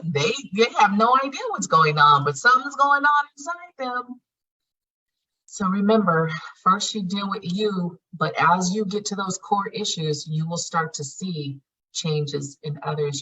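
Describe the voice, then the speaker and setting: Low, forceful, husky woman facilitator; frank and emphatic, dull lo-fi sound. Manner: frank, emphatic, swears casually. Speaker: healing class facilitator. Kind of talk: teaching an online class.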